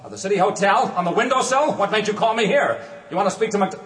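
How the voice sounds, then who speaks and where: A man's voice: high-pitched, animated, fast talker, fairly bright tone, reverberant. A man playing a desperate married man in a musical, anxious and pleading, who also sings. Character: desperate married man fleeing his life. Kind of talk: musical theatre acting and singing.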